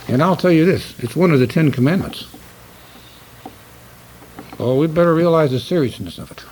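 An older man preaching a sermon, stern and emphatic, slowing down to read scripture aloud. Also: fairly high pitch, darkish tone, low-quality recording.

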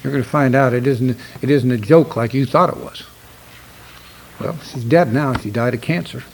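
An older man preaching a sermon, stern and emphatic, slowing down to read scripture aloud. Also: mid-range voice, vocal fry, a little hiss or hum, rough recording.

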